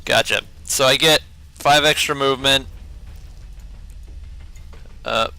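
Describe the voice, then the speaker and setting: Slow, bright-voiced man thinking aloud. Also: medium pitch, steady tone, vocal fry. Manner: thinks aloud, second-guesses himself. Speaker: player. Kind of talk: tabletop game chat.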